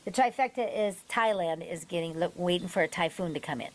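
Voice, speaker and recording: A woman hosting a podcast, telling stories in a lively way and acting out the people she quotes. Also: fairly low pitch, a little fast, slight background noise, low-quality recording. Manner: animated storytelling, acts out quoted people. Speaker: podcast host. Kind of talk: casual podcast chat.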